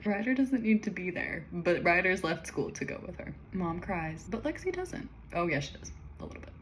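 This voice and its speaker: A woman's voice: fairly low pitch, big pitch swings, moderate pace, hardly any pauses, rough recording. A woman casually recapping her own story, chatting and commenting on it with laughing asides.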